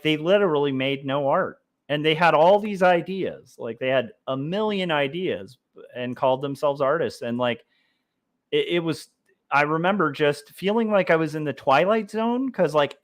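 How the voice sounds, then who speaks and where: A man hosting a livestream while he draws comics, chatting casually and reading out chat messages, rambling with many fillers and restarts. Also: fairly high pitch. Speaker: livestream host drawing comics.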